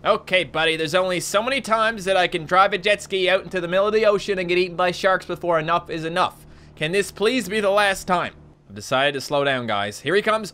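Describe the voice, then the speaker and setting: A man with an Australian accent giving casual let's-play commentary, chatty and animated, jumping to high panicked yelps. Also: brisk, clear, resonant tone. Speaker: gaming YouTuber.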